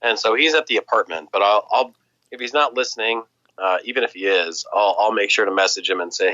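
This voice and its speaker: An American man chatting casually on a stream, animated and quoting others in put-on voices. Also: on the low side, a little fast, dry recording, dull audio. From United States. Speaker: guest streamer. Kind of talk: casual chat.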